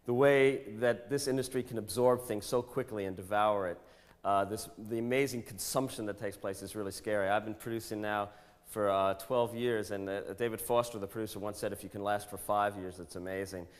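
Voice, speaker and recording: A man who writes and produces songs, talking candidly and wryly, his phrases sinking low at the ends. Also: fairly even intonation, in a large hall. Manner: fast, wry, trailing low at phrase ends. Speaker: songwriter and producer. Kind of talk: candid interview monologue.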